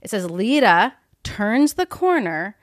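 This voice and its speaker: A woman in her forties telling a story as a podcast guest, animated and often laughing. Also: mid-range voice, takes it slowly, dry recording, studio quality. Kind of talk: casual chat, storytelling.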